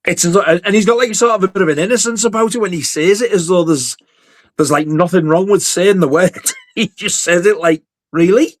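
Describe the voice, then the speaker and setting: A man's voice: high voice, fairly quick. Emphatic, swearing man. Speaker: podcast guest. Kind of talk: casual film chat.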